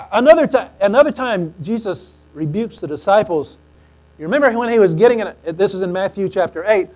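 A man preaching a sermon, telling stories animatedly and acting out quoted lines, often clearing his throat. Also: high voice, poor audio.

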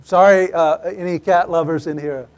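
A man with a fairly high speaking voice delivers a sermon from the pulpit. He keeps it conversational, dropping in light jokes between his points. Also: steady tone, normal speed. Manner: conversational, with joking asides. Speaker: pastor.

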